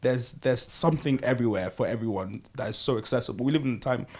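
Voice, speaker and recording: A man's voice: mid-range voice, fast. Guy guesting on a podcast, laughs a lot, keeps saying do you get me. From London. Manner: laughing, animated, often asks "do you get what I mean". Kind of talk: casual chat.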